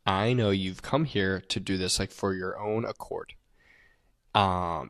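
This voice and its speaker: Deep-voiced man animatedly recapping a movie. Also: unhurried, dry recording. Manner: animated storyteller acting out quotes, swearing. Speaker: podcast co-host. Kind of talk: casual movie recap chat.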